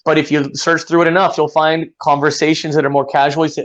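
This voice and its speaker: A man's voice: on the high side, fairly even intonation, fast talker, few pauses. A man who teaches English pronunciation, chatting casually as an interview guest and peppering his talk with "you know" and "man". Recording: dull lo-fi sound.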